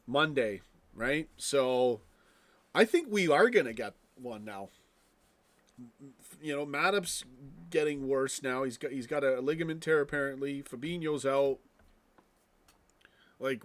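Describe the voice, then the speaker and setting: A man's voice: mid-range voice, fairly bright tone. A man hosting a casual live stream, ranting with frequent swearing and restarts, tossing asides to his viewers. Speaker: fan channel live streamer.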